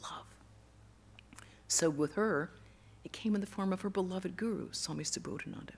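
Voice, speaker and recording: A woman giving a temple lecture, telling stories earnestly and going soft and hushed on tender words. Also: lowish voice, normal speed, slightly rough. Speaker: monastic lecturer. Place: temple hall.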